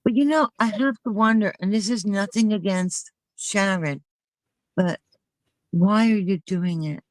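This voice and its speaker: A woman's voice: mid-range voice, unhurried, no room sound, poor audio. A woman hosting a casual chat with friends, talking in an indignant, emphatic way.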